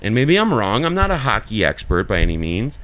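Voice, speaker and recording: A man's voice: fairly low pitch, sing-song, brisk, a bit bright. A man co-hosting a podcast in casual chat, talking in long earnest rambles full of filler likes. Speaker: podcast co-host.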